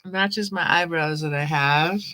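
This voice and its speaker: A woman hosting a live-stream tarot reading, chatting casually and warmly with her viewers and laughing often. She talks at an unhurried, slow pace. Her voice has a bright, forceful edge. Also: deep voice. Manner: chatty, reads chat names aloud, laughs often. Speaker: tarot reader.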